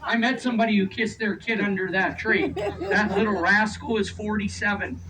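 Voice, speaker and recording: Rich: A high-voiced man guiding a tour, heard from a distance. He jokes and teases his riders between facts, and the rumble of the vehicle runs under him. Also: steady tone. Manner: playful, teasing passengers, quick asides. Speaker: tour guide. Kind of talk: joking guided tour commentary over a speaker. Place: open-air tour train outdoors. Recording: distant voice over vehicle noise. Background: vehicle rumble and street ambience.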